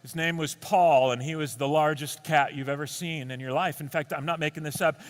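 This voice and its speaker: A man doing stand-up, telling a comic story in an animated way with quick restarts. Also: on the high side. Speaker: stand-up comedian.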